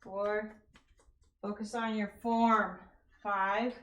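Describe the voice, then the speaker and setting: A woman's voice: medium pitch, level tone, very slow, a bit bright, roomy sound, lo-fi sound. A woman leading a live workout class, counting reps and giving casual, encouraging form tips while out of breath. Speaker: fitness coach.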